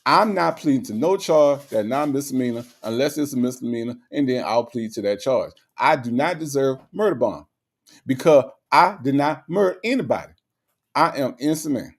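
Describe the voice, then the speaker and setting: A man's voice: medium pitch, animated, moderate pace. A man putting on the voice of a jailed man who keeps insisting he is innocent in broken, repetitive speech. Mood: insistent.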